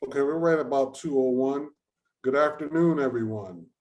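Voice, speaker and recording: Hosting an online research session via video call, this man keeps things casual and conversational, thinking aloud as he goes. He speaks at normal speed in a medium-pitched, slightly mellow voice.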